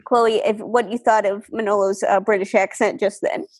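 A woman hosting a comedic call-in game show, deadpan and rambling with fillers. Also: mid-range voice, normal speed. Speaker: host.

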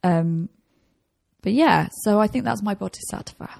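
A woman's voice: medium pitch, a little slow, gravelly, a little mellow. A British woman chatting casually as a podcast guest, rambling and self-deprecating, with frequent laughs. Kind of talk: casual chat.

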